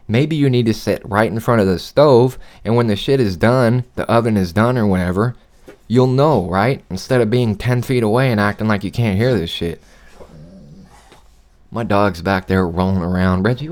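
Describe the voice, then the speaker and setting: A man in his thirties with a lowish voice rants through a casual, swear-heavy story on his home podcast. He talks from his apartment studio, worked up and animated. A lingering cough roughens him a little. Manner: animated ranting, swears a lot. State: recovering from a cough. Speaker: podcast host.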